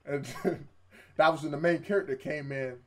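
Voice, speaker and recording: A man's voice: a little high, normal speed, a little hiss or hum. A young man in casual chat, retelling an anime episode with quoted voices and laughs. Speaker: co-host reviewing anime.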